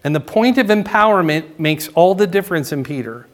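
A male pastor teaching a sermon in a conversational way, often checking in with "right?" and "okay?", his voice climbing higher and louder to stress a point. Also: expressive, a little fast. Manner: rises in pitch and volume for emphasis.

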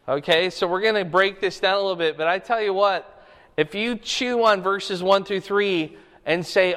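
A male pastor with a notably high voice preaches in a conversational way, reading a passage and breaking it down for the congregation. He keeps checking in with the listeners as he goes. His voice rings out in a large, reverberant hall. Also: moderate pace, fairly bright tone. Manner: conversational, explaining scripture with rhetorical checks. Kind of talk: sermon. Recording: echoey hall.

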